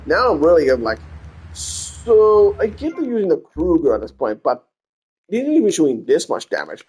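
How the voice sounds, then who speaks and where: Animated, profane man ranting over gameplay. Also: a little high, normal speed, husky. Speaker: let's play gamer. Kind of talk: casual gameplay commentary. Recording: game gunfire and noise behind voice.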